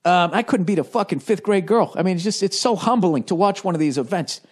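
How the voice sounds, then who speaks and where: A man's voice: high voice, a little fast. A man, a comedian hosting a podcast, telling a story in a casual, rambling monologue full of swearing and restarts. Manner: profane, animated storytelling with many restarts.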